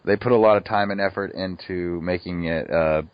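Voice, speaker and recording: A man's voice: sits low, normal speed, a little hiss or hum. A man hosting a podcast in casual chat, jokey and playful. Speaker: podcast host. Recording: muffled dry podcast audio.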